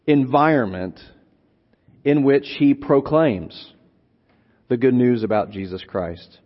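A man preaching an expository sermon, teaching slowly and deliberately, lingering on single words and repeating phrases for emphasis. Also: medium pitch. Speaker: preacher teaching on a Bible letter. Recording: long hall reverb, dull lo-fi sound.

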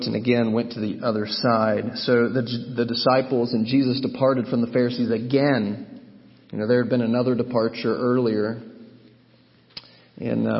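A man preaches through a Bible passage, pressing his points with emphasis and often restarting his sentences. His voice sits at an ordinary pitch for a man. It rings out in a hall with a long reverb, and the recording sounds somewhat muffled. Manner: emphatic, thinking aloud with restarts. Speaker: Bible teacher. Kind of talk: sermon teaching.

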